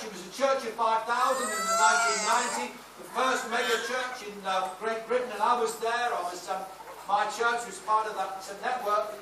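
Man, 60s, pastor. High, sharp, emphatic preaching delivery with storytelling; recorded at a distance in a booming church hall. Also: slight background noise. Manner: emphatic preaching with anecdotes and shouted praise. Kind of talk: sermon. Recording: echoey hall, mic off at a distance.

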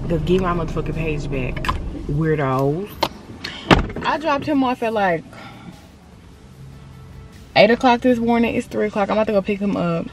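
A woman's voice: medium pitch, expressive, normal speed, pauses often, over music. A young woman vlogging in a casual, swear-heavy chat, talking straight to the camera about her dog and her day.

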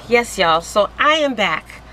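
A giddy, hyped-up woman talks straight to camera in a casual vlog, keeping up a stream of exclamations. Her voice is bright and sharp and swings widely up and down. A faint hiss sits behind her. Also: on the high side, expressive, slow, poor audio. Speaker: vlogger selling wellness products.

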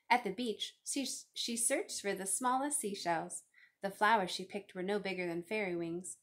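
Woman reading a picture book aloud. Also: medium pitch. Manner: expressive, lively storytelling. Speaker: reader.

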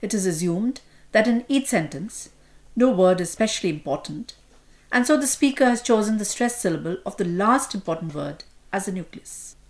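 A woman's voice: medium pitch, expressive, normal speed. A woman with an Indian English accent narrating a scripted lesson on pronunciation in a formal, explanatory manner. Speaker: course narrator.

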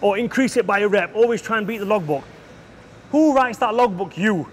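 Blunt profane man coaching in a gym, slightly higher voice, faint background hum. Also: fairly quick. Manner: brash, profane, lecturing. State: out of breath between sets. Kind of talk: blunt gym tutorial with heavy swearing.

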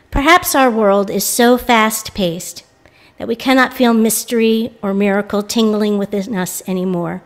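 An American woman intern minister giving a reflective sermon, telling a personal story and voicing the people in it with lively quoted lines. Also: mid-range voice. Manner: reflective, animated when quoting others. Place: church sanctuary.

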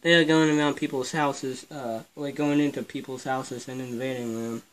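Foul-mouthed man in a hushed vlog. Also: medium pitch, fairly even intonation, moderate pace, a little hiss or hum. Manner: swears a lot, hushed and jittery. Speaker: vlogger. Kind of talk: casual self-filmed vlog. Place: hot home garage.

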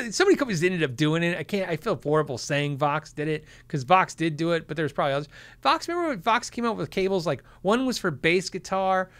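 A man with a fairly high, very lively voice, hosting a casual livestream Q&A. His pitch swings widely as he answers viewer questions. He laughs easily and slips into quick impressions of the people he quotes. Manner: animated, laughs often, acts out quoted people.

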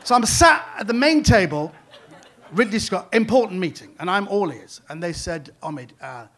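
A British comedian telling a true story live on stage, animated and self-deprecating. His voice sits notably high for a man, and he often laughs along as he talks. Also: moderate pace.

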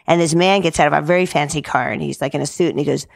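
A middle-aged woman from New Jersey, a guest telling stories in an animated, chatty way, often saying "like". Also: sits low, rapid-fire, creaky. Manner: lively, says "like" often, acts out quoted dialogue. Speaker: guest, public art director. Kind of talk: animated storytelling in casual chat.

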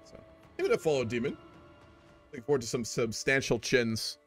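A man's voice: mid-range voice, big pitch swings, a little fast, soft background music. Chatty young man streaming a strategy game. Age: young adult. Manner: chatty, greets viewers, rambles with fillers. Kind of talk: casual live-stream commentary.

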